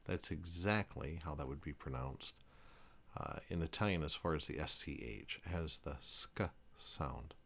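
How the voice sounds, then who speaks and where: A man's voice: rumbling low, a little slow, gravelly, a bit bright. A man teaching a language lesson, explaining pronunciation rules carefully and repeating each example word.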